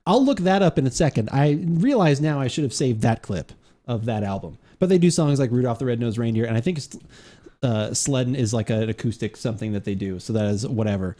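A man's voice: medium pitch, lively intonation, fairly quick, warm tone. A man hosting a live beverage podcast stream, chatting casually, rambling and interrupting himself, often laughing. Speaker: podcast host. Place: home studio during a live stream.

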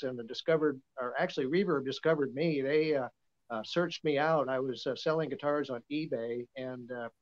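Brief: 70s male guest, slightly high voice, folksy rambling storyteller, dull lo-fi call audio. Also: darkish tone. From Nebraska. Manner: folksy, rambling, many "uh" fillers. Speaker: guest, vintage guitar dealer. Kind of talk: casual storytelling. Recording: dull, lo-fi sound.

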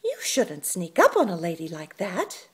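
A woman's voice: on the low side, huge pitch swings, unhurried, a bit bright, husky, heavily acted. A woman voicing a proud young female cockroach in a storybook reading, prim and dry.

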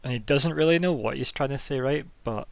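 Man, game master, tabletop narration, casual, rambling, mid pitch. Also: brisk, vocal fry, no echo.

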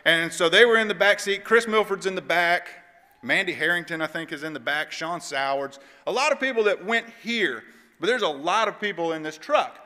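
A man giving a devotional talk in a church. He tells a story in an animated, conversational way. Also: high voice, normal speed. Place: church auditorium. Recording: long church hall reverb.

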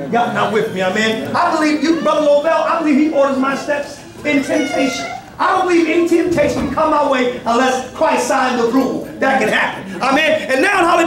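A man in his forties preaching with a very high voice, moving between laughter and shouted peaks as he calls to his listeners. He is picked up from a distant mic in an echoey church. The congregation can be heard answering behind him. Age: 40s. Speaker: pastor. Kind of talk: sermon. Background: congregation responding.

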